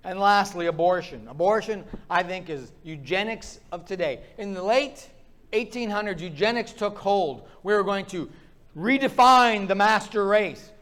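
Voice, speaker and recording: A man preaching with a noticeably high-pitched voice, ranting with fervor. He pounds the pulpit as he drives his points home in a sermon. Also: lively intonation, normal speed, fairly bright tone. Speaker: pastor.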